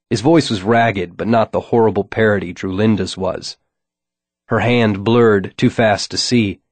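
Man, audiobook narration, measured and wry, lowish voice, dry close recording. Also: a little mellow, no echo. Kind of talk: first-person audiobook narration.

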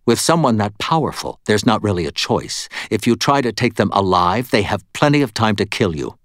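A man's voice: fairly low pitch, sing-song, moderate pace, no echo, studio quality. Man doing a hard-edged ex-cop woman. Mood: grim. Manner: firm, clipped and intense. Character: tough blunt woman ex-cop, hard and determined.

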